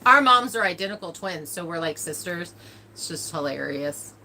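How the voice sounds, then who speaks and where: Bright-voiced woman chatting on a livestream. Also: lowish voice, lively intonation, moderate pace, slight background noise. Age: adult, older than a cousin nine years younger. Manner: chatty storytelling with frequent laughs. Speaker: livestream host of a farm channel. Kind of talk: casual livestream chat, answering viewer comments.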